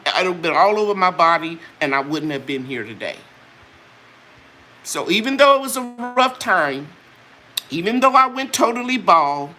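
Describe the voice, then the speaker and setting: A woman's voice: lowish voice, bright, forceful tone. An older woman hosting a live chat, sharing a personal testimony with religious fervor before talking about her products. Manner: earnest, preachy, talks straight to viewers. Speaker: channel host selling her products.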